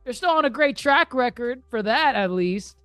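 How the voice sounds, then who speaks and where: A co-host in a casual movie review chat, speaking in a relaxed way with hesitant fillers and bits of laughter between words. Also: medium pitch, moderate pace, clear, resonant tone, dry recording, soft background music. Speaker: podcast co-host.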